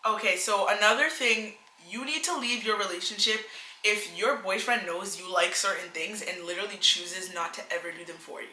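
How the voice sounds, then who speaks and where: A young woman chats emphatically and gives advice to young women, her voice very bright and forward. The room around her rings with echo. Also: medium pitch, moderate pace. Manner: chatty, emphatic, laughs often, acts out quoted men. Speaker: co-host. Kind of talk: casual chat, giving advice to young women. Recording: echoey room.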